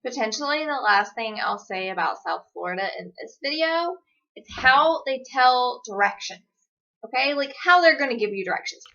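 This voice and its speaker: A woman's voice: a little high, lively intonation, moderate pace, sharp tone. A young woman, chatting sarcastically as she tells stories to the camera. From Georgia, USA. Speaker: vlogger. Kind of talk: casual chat. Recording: dull lo-fi recording.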